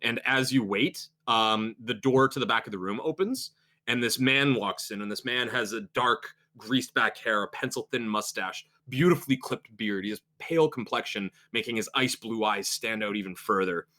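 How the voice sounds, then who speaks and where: A man's voice: medium pitch, normal speed, sharp tone. A man running a tabletop horror game as game master, narrating in a rambling, improvised way with many fillers.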